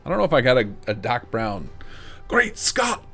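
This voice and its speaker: Gravelly man talking through his modding. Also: medium pitch, big pitch swings, fairly bright tone, soft background music. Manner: rapid, casual thinking aloud with joking asides. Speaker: game modder streaming his work. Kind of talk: live commentary while modding.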